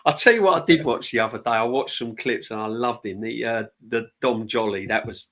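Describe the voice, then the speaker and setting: A man hosts a laid-back live-stream chat. He rambles in a chatty, easygoing way. His voice sits at a middle pitch and comes through a remote streaming mic. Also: fairly quick, a bit bright. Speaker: host.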